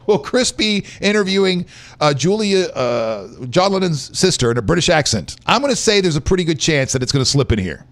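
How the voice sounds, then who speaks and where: A man's voice: fairly high pitch, very animated, normal speed, a bit bright. A man hosting a live-streamed show, chatting loosely and joking with viewers. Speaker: show host. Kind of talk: casual live-stream chat.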